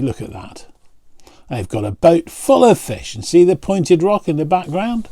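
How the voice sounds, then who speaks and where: A man, a pastor, reading a picture book aloud and pausing to point out the pictures. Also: fairly high pitch, big pitch swings, warm tone, dry recording.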